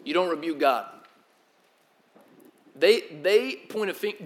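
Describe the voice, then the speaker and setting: A young man preaching a sermon, telling the story in an animated, slangy way that swings from loud to hushed. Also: high-pitched, slow pace, long pauses. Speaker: pastor.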